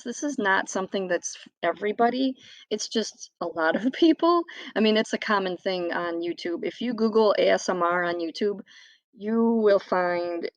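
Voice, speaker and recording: A woman hosts her own podcast alone, talking casually at a mid pitch. She rambles in a chatty way, corrects herself and laughs now and then. The sound is dry and close, with no room echo. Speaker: podcast host. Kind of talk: casual solo podcast talk.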